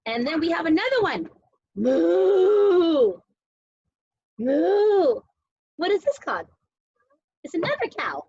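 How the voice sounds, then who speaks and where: A woman's voice: very high voice, wildly swooping pitch, fairly quick, highs cut off. A young woman teacher cooking at home while teaching small children, talking in a playful sing-song way and making animal sounds.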